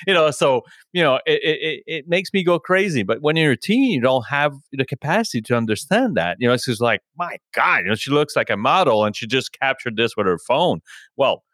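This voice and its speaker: A man's voice: mid-range voice, animated, a little fast, fairly bright tone, no room sound. A man hosting a podcast in casual conversation, rambling with constant filler words and swearing freely. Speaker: podcast host.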